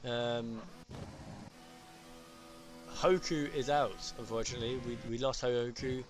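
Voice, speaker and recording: Over background music, a man with a medium-pitched, steady voice does live commentary on stream for an online racing league. He's chatty and jokey, trading quick banter with his co-host.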